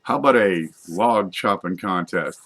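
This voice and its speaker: Man, middle-aged, slightly low voice, folksy, rambling, joking monologue. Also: measured pace, fairly bright tone. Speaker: vlogger.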